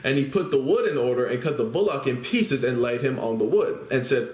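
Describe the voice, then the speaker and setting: A man's voice: mid-range voice, animated, brisk, few pauses, darkish tone. A man teaching the Bible, reading scripture aloud and then explaining it in casual talk, often checking in with listeners through tag questions. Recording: roomy echo.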